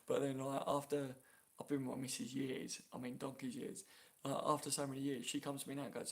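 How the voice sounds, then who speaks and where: A man chats casually on a live stream, reading out viewer comments and laughing freely. His voice sits mid-range with a gravelly edge, picked up by a phone. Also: medium pitch, flat delivery, brisk. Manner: chatty, reads viewer comments aloud, laughs often. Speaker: YouTube live-stream host.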